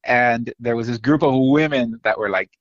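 A man, a musician guest, telling lively anecdotes in casual interview talk, full of "like" and "you know". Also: medium pitch, moderate pace, no room sound, lo-fi sound. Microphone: phone line.

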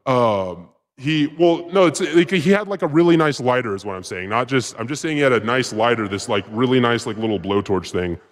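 A man telling a story as a podcast guest, rambling and profane, with excited bursts. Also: mid-range voice, a little fast, hardly any pauses. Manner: profane, rambling, with filler words; excited bursts when retelling action. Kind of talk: casual storytelling.

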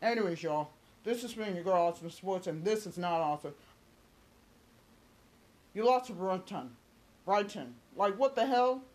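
A woman's voice: medium pitch, lively intonation, normal speed, pauses often, a little mellow. Woman, angry sports rant, cursing, slangy, repetitive, fired-up. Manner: asks viewers questions, slangy. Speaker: sports vlogger.

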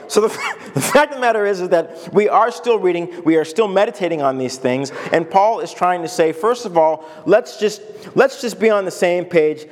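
Animated pastor with a lively high voice. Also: male voice, big-room sound. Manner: animated, laughing, acts out voices. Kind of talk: conversational sermon.

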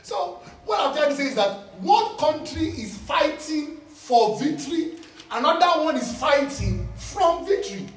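High lively pastor preaching, repeats stuff, echoey church sound. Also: male voice, a little slow. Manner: animated, repeats phrases for emphasis, laughs while speaking. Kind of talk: sermon. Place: church hall. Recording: echoey church from a distant mic.

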